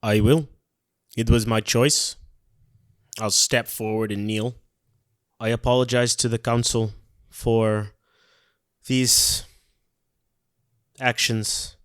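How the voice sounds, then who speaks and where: A man playing a tabletop game in character, solemn and measured, on a close mic. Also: mid-range voice, fairly even intonation, a bit bright, smooth, dry recording. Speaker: player. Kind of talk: in-character tabletop role-play.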